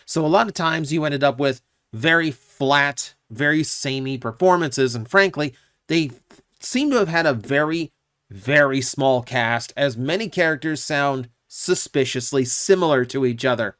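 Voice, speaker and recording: A man's voice: on the high side, a little slow, a bit bright, no room sound, studio quality. A man hosting his own channel, giving casual, opinionated commentary with lots of asides and fillers. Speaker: YouTube channel host.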